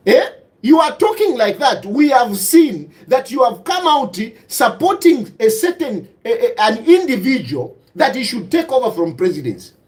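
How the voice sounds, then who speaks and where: A man's voice: very high voice, very animated, normal speed, a little mellow. A middle-aged man giving an impassioned, scolding political monologue, repeating himself and switching between English and Bemba. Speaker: political commentator.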